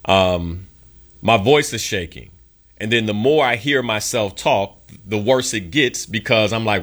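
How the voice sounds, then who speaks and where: A young adult man with a very low, deep voice hosts a motivational talk. He tells a story from his career with earnest emphasis and briefly voices the people in it. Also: a little slow, fairly bright tone. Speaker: podcast host.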